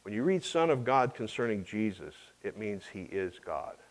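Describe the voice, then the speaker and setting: A man's voice: fairly low pitch, sing-song, moderate pace, poor audio. A man preaching an expository sermon in an earnest way, asking rhetorical questions and repeating phrases for emphasis. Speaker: pastor.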